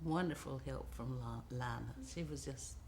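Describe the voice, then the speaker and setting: A woman's voice: very deep voice, normal speed, slight background noise. Older woman telling stories with laughter. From United States. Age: 70s. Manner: animated storyteller, laughs often. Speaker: interviewee, film actress. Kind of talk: reminiscing interview.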